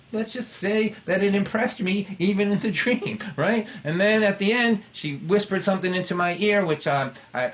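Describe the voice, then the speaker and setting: A man telling a personal story in a conversational, halting way, with self-deprecating humor. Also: high voice.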